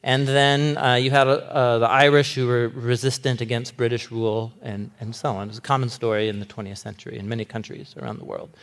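A man preaching a sermon in a loose, conversational way, animated and laughing often, with fillers. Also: mid-range voice, brisk, few pauses.

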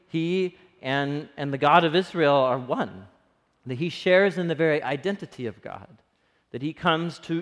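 A pastor with a Texan accent preaching a sermon in a conversational, earnest way that is often broken up by laughs. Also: male voice, on the high side. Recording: long hall reverb.

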